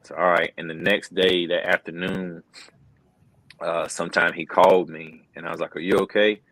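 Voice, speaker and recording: Middle-aged male interview guest, very deep voice, earnest and casual, lots of "bro". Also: little pitch movement, moderate pace, a bit bright, no room sound, poor audio. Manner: earnest, says "bro" and "man" a lot, many restarts. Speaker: wrestling commentator, interview guest. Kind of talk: casual conversational storytelling.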